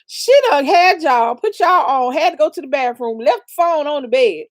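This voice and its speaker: A woman co-hosting a casual chat, telling stories with loud, expressive exclamations. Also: high-pitched, moderate pace, no echo. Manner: animated storyteller, loud exclamations. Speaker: co-host of a couple's channel.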